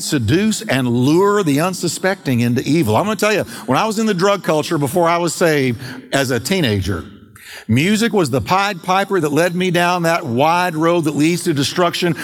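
A middle-aged man pastor preaching an emphatic sermon, slowing and stretching key words for weight. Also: on the high side, long reverb tail. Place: church sanctuary.

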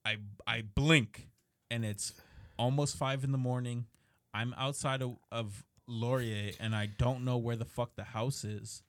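A man in his twenties telling a rowdy story among friends, casual and animated, swearing and acting out quotes. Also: medium pitch, measured pace. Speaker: podcast co-host telling a story.

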